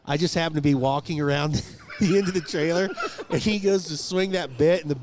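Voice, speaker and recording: A man's voice: fairly high pitch, a little fast, crowd noise. A man co-hosting a casual rodeo podcast, telling funny stories and acting out the quotes. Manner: animated joking storyteller, acts out quotes. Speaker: podcast co-host. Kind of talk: casual storytelling chat. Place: outdoors at a rodeo.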